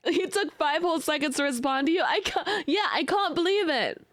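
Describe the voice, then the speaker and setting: A young woman streamer chats casually with her viewers, playful and prone to mock outrage. Her voice sits high, and the sound is dry and close, with no room echo. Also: animated, moderate pace, fairly bright tone. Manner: chatty and playful, with bursts of laughter and mock outrage; many fillers and restarts. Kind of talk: casual chat reacting to live chat.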